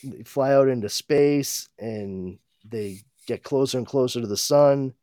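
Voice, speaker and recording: A man hosting a podcast, giving a casual comic-book recap in a halting way, full of fillers and with frequent chuckles. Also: medium pitch, dark tone, no echo, studio quality.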